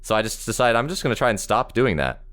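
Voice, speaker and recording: A young man with a deep voice, co-hosting a podcast and telling a rambling story in casual chat. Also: sing-song, fast talker, a bit bright. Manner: rambling, filler-heavy storytelling. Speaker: podcast co-host.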